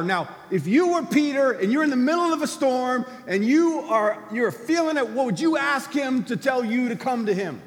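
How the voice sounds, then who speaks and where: Man, pastor, lively sermon delivery, loud cries then low quiet lines, high voice, long hall reverb. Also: measured pace.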